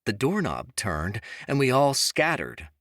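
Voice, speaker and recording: A man narrating a fantasy audiobook in the first person, wry and expressive, on a close studio mic. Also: mid-range voice, unhurried, no echo.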